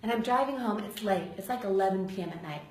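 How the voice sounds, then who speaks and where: A woman giving a storytelling speech to a live audience, animated and laughing, acting out the voices she quotes. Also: mid-range voice, fast. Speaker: speaker at a sales event. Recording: roomy hall with faint noise.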